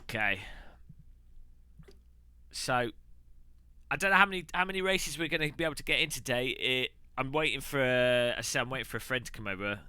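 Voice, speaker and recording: A man's voice: mid-range voice, sharp tone, smooth, no echo. A man chatting casually and rambling on a live stream while sim racing. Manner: chatty, rambling, quick asides.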